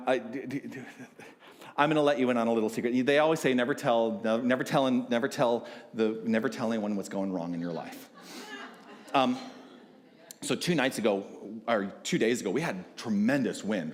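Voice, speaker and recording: A man preaching a sermon in a casual, chatty way, laughing at himself, stammering now and then and clearing his throat, slightly short of breath from hay fever. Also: lowish voice, long reverb tail. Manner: chatty and self-deprecating, laughs often. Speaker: minister. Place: church sanctuary.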